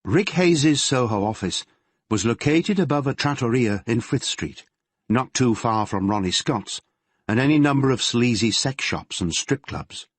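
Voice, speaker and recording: A male narrator reading a crime novel in a measured storytelling manner. His voice is husky and animated in pitch. The recording is dry and close. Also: dry recording. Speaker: audiobook narrator. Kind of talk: scripted narration.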